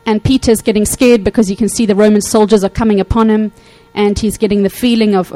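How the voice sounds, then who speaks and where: A woman preaching a sermon to her congregation, animated, acting out Bible quotes and checking in often with her listeners. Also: mid-range voice, fast, hardly any pauses, rough recording. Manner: animated, acts out quotes, frequent "okay?" check-ins.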